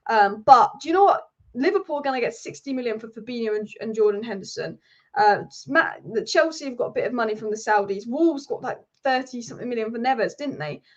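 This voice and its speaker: A woman hosting a football channel, talking in an opinionated, animated way with frequent restarts, on a dull lo-fi recording. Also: a little high, a little fast. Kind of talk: casual opinion vlog.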